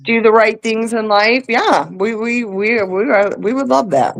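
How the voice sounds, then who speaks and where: A woman's voice: on the high side, a little slow, rough recording. A woman guest on a video call, ranting bluntly and profanely in a heated political chat.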